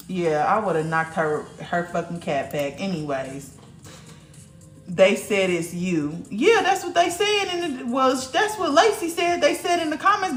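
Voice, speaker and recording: A woman hosting a casual livestream talks bluntly and profanely straight to her viewers in the chat. Her voice is a little high, and the room sounds echoey.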